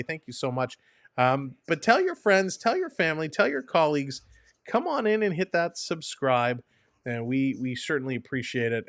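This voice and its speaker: A man's voice: mid-range voice, fairly bright tone, no echo, studio quality. A man hosting a live stream, chatting with viewers and calling hockey play-by-play. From Toronto. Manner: chatty, reads chat names aloud. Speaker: host doing live play-by-play. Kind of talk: live game commentary.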